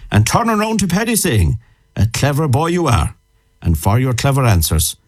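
An Irish man co-presenting a radio show, chatting and reciting a comic ballad in a lively storytelling way. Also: medium pitch, normal speed.

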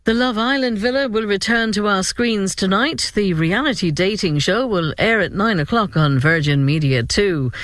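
A male newsreader delivers the headlines in a brisk, clear way. His voice sits a little high for a man. The studio sound is dry and close, with no room around it. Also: expressive, fairly bright tone, no echo. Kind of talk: scripted news bulletin.

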